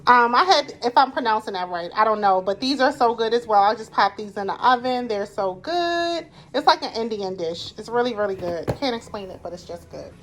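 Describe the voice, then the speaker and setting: A woman talking casually through a grocery haul at home, chatty, repeating herself and quick to get annoyed. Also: fairly high pitch, a little hiss or hum. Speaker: vlogger.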